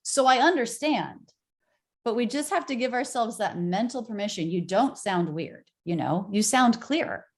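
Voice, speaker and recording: A woman coaching English pronunciation, encouraging and demonstrating pitch changes with exaggerated examples. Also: expressive, normal speed. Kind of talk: accent coaching session.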